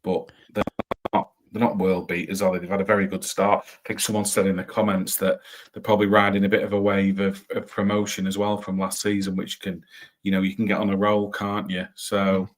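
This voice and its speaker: A man's voice: sits low, completely flat delivery, fairly quick. A man on a football podcast panel, musing and hedging in a rambling way with many tag questions. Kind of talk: casual football podcast chat.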